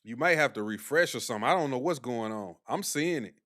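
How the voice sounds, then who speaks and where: A man's voice: medium pitch, expressive, fast talker, sharp tone. A young man doing live-stream commentary, talking bluntly and combatively to his chat with heavy slang. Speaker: livestream commentator.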